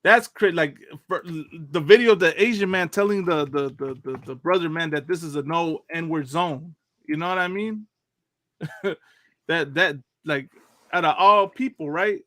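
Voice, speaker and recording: Male talk-show host, casual preacher vibe, chatty with fillers, slightly high voice, dry close sound. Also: measured pace, fairly bright tone, dry recording. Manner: loose, chatty, laughs often, fillers like "you know what I mean".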